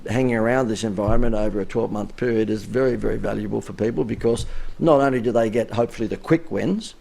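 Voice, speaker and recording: Man, gravelly voice, chatty and emphatic, business coaching talk, voice wearing thin. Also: medium pitch, mellow. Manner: chatty, emphatic, rising inflection. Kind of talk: live-streamed coaching talk.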